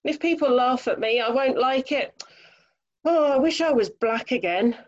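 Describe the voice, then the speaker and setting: A woman's voice: high voice, expressive, moderate pace, muffled recording. A woman voicing a fretful, indecisive male donkey in a storybook reading, whining and worried.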